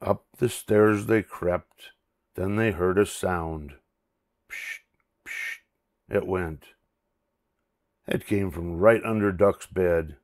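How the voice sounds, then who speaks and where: An older man reading a children's storybook aloud, expressive and playful. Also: sits low, takes it slowly.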